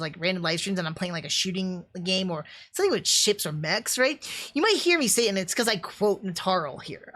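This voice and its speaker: An animated woman speaks casually to her stream audience, restarting her thoughts and leaning on fillers. Her pitch sits in a middle range. She rambles with eager enthusiasm as she reviews.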